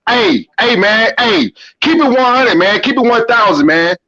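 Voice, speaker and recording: High, bright, confrontational man. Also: expressive, normal speed. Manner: insulting, confrontational, repeats boy and man. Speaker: debate participant. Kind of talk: heated casual debate. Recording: dull lo-fi stream audio.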